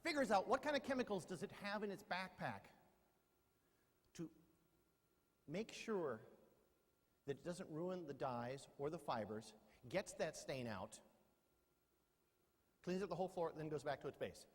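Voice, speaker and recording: A man's voice: on the high side, expressive, measured pace, pauses often. A middle-aged man giving a humorous keynote talk, joking and quizzing his audience with questions. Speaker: keynote speaker. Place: large lecture hall. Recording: long hall reverb.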